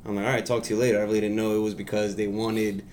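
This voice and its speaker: A man who is a guest on a podcast, chatting casually and telling animated stories, his voice rising high when he quotes himself. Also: racing, a little hiss or hum. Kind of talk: casual chat.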